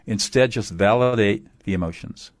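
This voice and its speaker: Male mediator guest, lowish voice, emphatic teacher-like explainer, close dry mic. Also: moderate pace, no echo. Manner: emphatic, explanatory, repeats key phrases. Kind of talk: interview answers.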